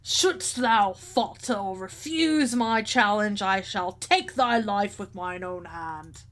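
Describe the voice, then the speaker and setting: A woman voicing a grandiose male rival king who speaks in old-fashioned, pompous language, slow and theatrical. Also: medium pitch, a bit bright.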